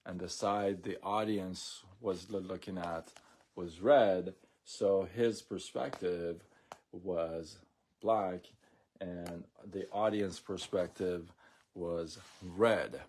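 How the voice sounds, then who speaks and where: A man hosting a casual live stream, talking in a relaxed, rambling way with many fillers and restarts. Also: low-pitched, slow, husky.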